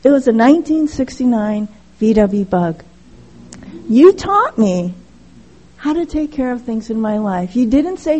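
A middle-aged woman with a high voice shares her recovery story at a meeting. She talks candidly and haltingly, often restarting sentences and adding "you know". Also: sing-song, mellow, a little hiss or hum, poor audio. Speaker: speaker sharing at a recovery meeting.

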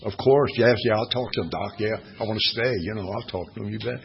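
A man's voice: lowish voice, quick pace, gravelly. An older man giving a recovery talk at a meeting, telling his story in a folksy, wry, self-mocking way. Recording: dull lo-fi recording with faint hiss.

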